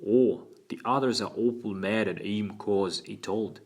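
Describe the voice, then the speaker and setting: A man voicing a cheerful, impish thirteen-year-old boy with a crisp Cockney accent. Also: on the low side, measured pace. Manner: crisp, open and earnest.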